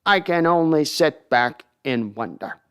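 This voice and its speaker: A grandiose old-school sportscaster voice, put on by a man. It holds forth slowly, with pompous, ornate phrasing. The tone is clear and smooth, sitting somewhat high. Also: expressive.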